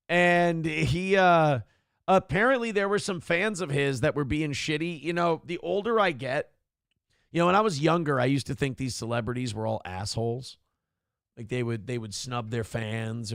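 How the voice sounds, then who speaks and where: His mid-range voice is creaky as this morning talk show host, a man in his forties, launches into profane, wandering tales with animated flair. The casual chat is recorded with clean studio sound and no echo.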